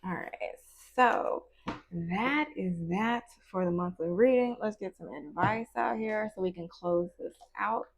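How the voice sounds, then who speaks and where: A woman's voice: medium pitch, unhurried, creaky. A woman giving a casual tarot reading in a chatty, playful way, full of slang and asides. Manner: acts out little quoted voices in between. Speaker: tarot card reader.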